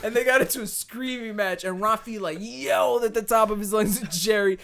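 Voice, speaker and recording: A young man chatting casually with friends, telling stories in an animated way, swearing freely and acting out quotes. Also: high-pitched, fairly quick, creaky. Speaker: co-host. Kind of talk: casual chat.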